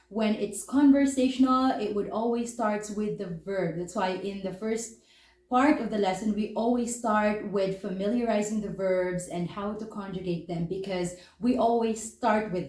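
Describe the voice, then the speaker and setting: A woman's voice: a little high, mellow, reverberant. A woman teaching an online language lesson, patiently explaining verb forms step by step and checking in with "okay?".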